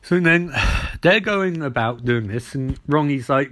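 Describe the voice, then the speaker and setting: A man's voice: medium pitch, fairly bright tone, dry recording. A man giving a rambling, sarcastic casual recap of a TV episode. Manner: rambling and sarcastic, acting out quick voices.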